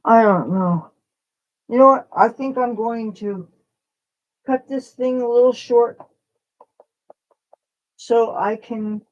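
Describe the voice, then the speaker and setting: A woman's voice: fairly high pitch, slow, pauses often, no room sound, muffled recording. A woman hosting a casual livestream, rambling with fillers and coaxing a bird in baby talk. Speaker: livestream host.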